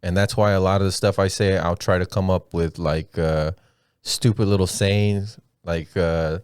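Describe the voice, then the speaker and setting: A man's voice: low voice, steady tone, moderate pace, darkish tone, clear, resonant tone, dry recording, clean studio sound. A man, a comedian and podcast host, telling rambling, profane stories in casual chat. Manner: profane, rambling storyteller, laughs at his own stories.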